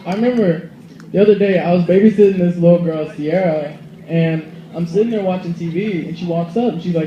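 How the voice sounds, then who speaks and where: A man's voice: high-pitched, a little fast, dull audio. A young man performing a stand-up comedy set, telling stories and acting out the characters' lines. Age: young adult. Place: school auditorium stage. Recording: echoey hall with audience noise. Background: audience laughter and murmur.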